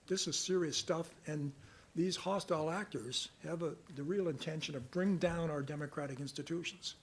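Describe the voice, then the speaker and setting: An older man from Canada fields questions at a press conference, speaking in a measured, deliberate way and reading passages aloud from a report. His voice is husky and sits slightly high for a man. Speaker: special rapporteur at a press conference.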